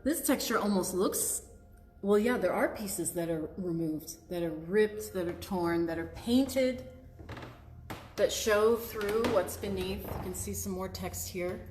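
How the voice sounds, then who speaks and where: A woman's voice: medium pitch, a little slow, a little mellow, faint music behind. A woman co-hosting a live-stream gallery tour, chatty and reading out viewers' comments. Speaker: gallery co-host. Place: art gallery indoors. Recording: echoey room with noticeable background noise.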